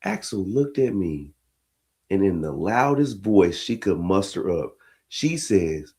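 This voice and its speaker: A man tells a comic family story with huge swings of pitch. He talks slowly, sinking into quiet low asides before breaking into high, laughing shouts. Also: big pitch swings. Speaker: host telling a family story. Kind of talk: storytelling comedy reaction.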